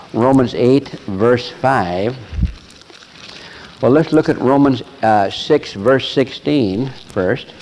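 Older guy preaching, tells stories and acts out the voices, long hall echo, bit of background hum. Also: medium pitch. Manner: animated storyteller who laughs and acts out voices. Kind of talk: sermon with storytelling. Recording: long echo of a large hall, faint ambience.

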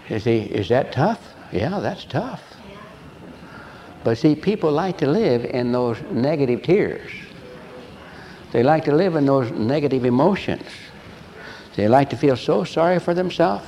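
An older man preaching a sermon, telling personal stories in an animated way and asking the audience questions. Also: medium pitch, normal speed, pauses often, muffled recording, a little hiss or hum.

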